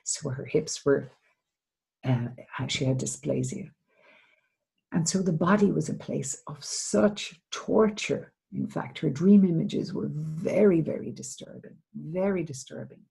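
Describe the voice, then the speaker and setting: A middle-aged woman therapist from Ireland giving a seminar talk, speaking gently and reflectively with hesitant restarts. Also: sits low, takes it slowly, vocal fry, husky, poor audio. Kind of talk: seminar talk, answering a question.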